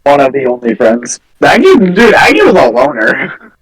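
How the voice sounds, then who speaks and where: A man playing in a tabletop game with friends, making slow, gravelly remarks. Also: fairly high pitch, wildly swooping pitch, low-quality recording. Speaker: player.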